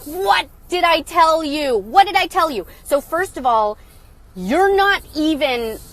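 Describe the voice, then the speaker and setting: A woman's voice: sits high, animated, slow pace, a bit bright, no room sound. A woman hosting a phone livestream, delivering an angry, blunt, sarcastic rant with swearing. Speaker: livestream host.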